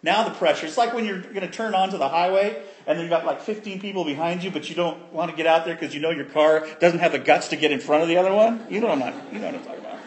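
A man preaching a sermon, telling a childhood story with animated voices and sound effects. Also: fairly high pitch, fast, hardly any pauses. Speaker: pastor.

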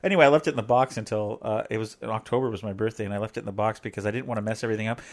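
A man's voice: on the low side, fairly even intonation, very fast. Joking middle-aged man chatting. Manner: joking, teasing, rambling. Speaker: podcast co-host. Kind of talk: casual chat.

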